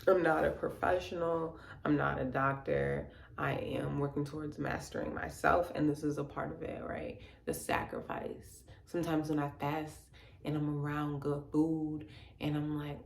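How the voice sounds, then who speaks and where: Young woman, deep gravelly voice, laid-back wellness vlogger, faint room echo. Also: slight background noise. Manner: relaxed, slangy, soft-spoken, drifts into near-whisper. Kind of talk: casual guided talk and meditation.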